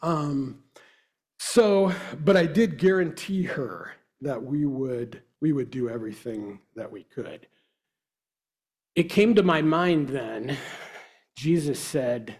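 A man telling a personal devotional story in a casual, halting way with frequent fillers. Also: medium pitch, animated, darkish tone.

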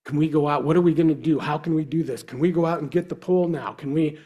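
A man voicing his young daughter, apologetic and pleading, in a slightly husky voice. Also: fairly high pitch, fairly even intonation, quick pace, warm tone, close to an everyday voice.

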